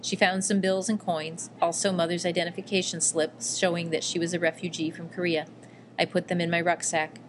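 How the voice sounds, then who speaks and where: A woman narrating a first-person memoir in a measured, quietly emotional reading. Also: on the low side, level tone, slight background noise. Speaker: audiobook reader.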